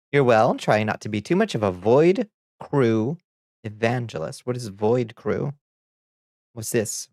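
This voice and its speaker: A man's voice: medium pitch, no echo, clean studio sound. A man chatting casually on a livestream, greeting his chat by name and chuckling often. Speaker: streamer.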